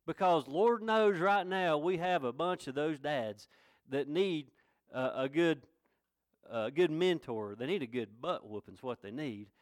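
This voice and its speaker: Pastor, male, middle-aged, folksy earnest sermon, fairly high voice, dry sound. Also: animated, measured pace, dry recording. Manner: folksy, earnest preaching with rising proclamations.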